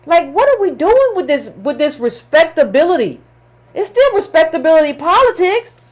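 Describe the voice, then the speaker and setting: A woman's voice: extremely high pitch, very animated, moderate pace. A woman giving impassioned political commentary, emphatic and scolding, with colloquial phrasing and repetition.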